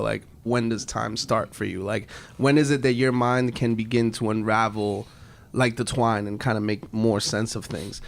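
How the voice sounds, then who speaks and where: A man's voice: on the low side, vocal fry, slight background noise. Laid-back young man moderating a podcast. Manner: laid-back, chatty, lots of "like" fillers. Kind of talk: casual podcast chat.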